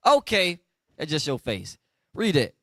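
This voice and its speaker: A man's voice: a little high, wildly swooping pitch, unhurried, bright, forceful tone, no room sound. A man preaching a street sermon, blunt and slangy, asking listeners to finish the verses.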